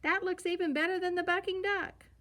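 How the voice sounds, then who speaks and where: A woman voicing whiny, pleading little bear cubs, sister and brother, in a storybook reading. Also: brisk. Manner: pleading, excited, high and loud.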